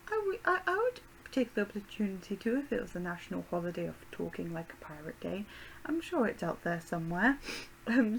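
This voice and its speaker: A woman's voice: medium pitch, gravelly, slight background noise, low-quality recording. A young woman giving playful, self-mocking gameplay commentary as a gaming channel host.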